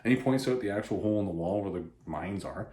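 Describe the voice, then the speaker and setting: A man casually recapping a comic book, animated and rambling, often restarting his sentences. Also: fairly low pitch, quick pace, a little hiss or hum. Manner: animated, rambling, self-interrupting. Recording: roomy echo.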